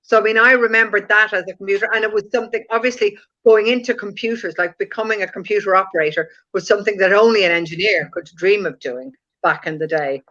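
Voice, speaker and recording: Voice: medium pitch, fast talker, hardly any pauses, bright, forceful tone. A co-host in a casual chat, reminiscing in a chatty way. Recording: dull lo-fi audio.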